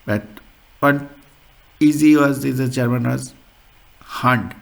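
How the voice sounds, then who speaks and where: Slow-talking man teaching a language. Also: medium pitch, level tone, gravelly, poor audio. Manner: unhurried, repeats words, non-native English phrasing. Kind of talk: slow spoken lesson.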